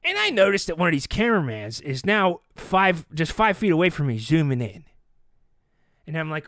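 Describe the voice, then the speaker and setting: A man hosting a podcast, telling a comic story with animated delivery and acted-out voices. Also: on the high side, normal speed, no echo, clean studio sound. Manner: animated, acts out quoted voices. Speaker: podcast host. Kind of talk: comedic storytelling.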